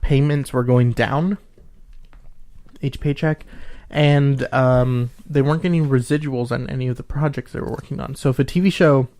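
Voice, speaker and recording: A man's voice: medium pitch, fairly even intonation, moderate pace, dark tone. Man explaining with lots of ums. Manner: explains at length with many ums. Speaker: podcast co-host. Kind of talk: casual chat.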